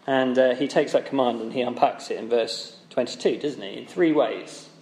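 A man's voice: medium pitch, normal speed, a little mellow, roomy sound. A man preaching a sermon in a conversational way, often asking the listeners rhetorical tag questions.

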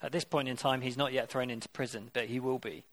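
A man's voice: mid-range voice, steady tone, fast talker, fairly bright tone. A man preaching a sermon, earnest and conversational, with rhetorical questions to his congregation.

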